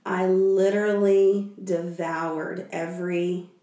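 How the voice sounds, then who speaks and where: A woman in her forties, a missionary, chatting and telling stories in a lively, aside-filled way. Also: fairly low pitch, takes it slowly. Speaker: missionary guest. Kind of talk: casual chat. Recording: echoey room, distant from mic.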